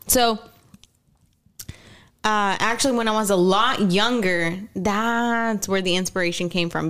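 A woman's voice: on the low side, clean tone. A young adult woman telling a story in casual podcast chat, chatty and giggly, with lots of "like" and "y'all".

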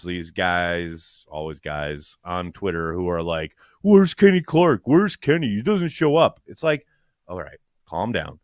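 A man co-hosting a podcast in casual sports chat, animated and swearing, with quick restarts. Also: low voice, dry recording, clean studio sound. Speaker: podcast co-host.

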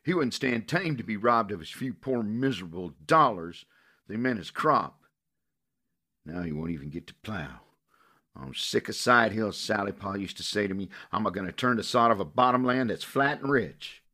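A man's voice: fairly low pitch, brisk, few pauses, sharp tone, voice pushed up. A man voicing a bitter young frontier farm girl with a Missouri accent. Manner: bitter, accusing.

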